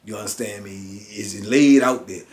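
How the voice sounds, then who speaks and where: A man's voice: on the low side, moderate pace, darkish tone, slight background noise. Middle-aged man telling a street-slang story. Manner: street slang, peppers lines with "man" and "you know what I'm saying". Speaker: guest, former prisoner. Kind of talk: telling a prison story in an interview.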